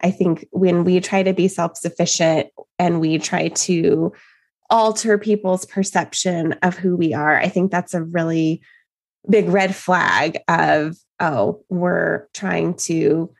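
A woman co-hosting a casual podcast. She talks through ideas in a thoughtful, reflective way, and her voice is slightly low. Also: steady tone, a little slow. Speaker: podcast co-host.

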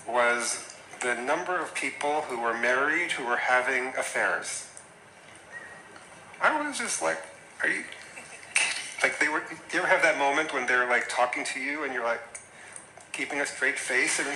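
A man's voice: medium pitch, reverberant, background noise. A man teaching a class on health coaching in a casual, chatty lecture style, full of asides. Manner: conversational, chatty with asides and mimicked quotes.

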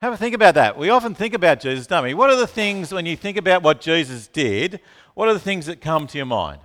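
A man's voice: a little high, fast. A man preaching a sermon, asking the congregation questions and calling on listeners by name. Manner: animated, asks the room questions, calls on listeners by name. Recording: long reverb of a hall.

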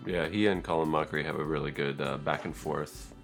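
A man's voice: a bass voice, fairly even intonation, a little fast, faint music behind. A man co-hosting a casual podcast, talking hesitantly with many fillers. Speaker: podcast co-host. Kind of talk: casual chat.

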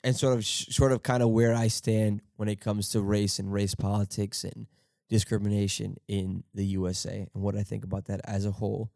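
A young man hosting a podcast, talking in a halting, profane, rambling monologue and laughing often. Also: fairly low pitch, flat delivery, gravelly, darkish tone, no echo, studio quality. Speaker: podcast host.

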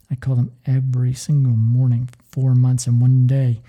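A man hosting a podcast, telling stories with earnest energy. His voice is dark and mellow, with a gravelly fry at the edges. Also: medium pitch, level tone, brisk, few pauses. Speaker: podcast host. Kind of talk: motivational podcast talk.

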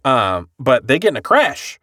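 A man co-hosting a podcast, recapping an anime in casual chat, animated and swearing freely. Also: mid-range voice, moderate pace, dry recording, studio quality. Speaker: podcast co-host.

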